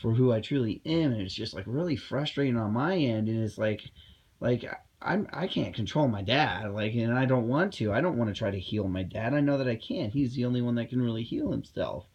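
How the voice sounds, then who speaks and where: A man's voice: medium pitch, lively intonation, fairly quick, a little mellow, breathy edge. Guy ranting at home, lots of likes and restarts, kinda muffled audio. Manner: rambling, heated, many fillers and restarts. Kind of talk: casual vlog monologue. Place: at home indoors.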